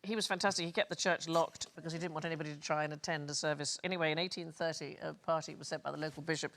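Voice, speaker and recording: A woman's voice: low-pitched, steady tone, very fast, a bit bright. A woman hosting a comedy quiz panel, telling odd stories in a dry, wry way. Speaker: quiz show host.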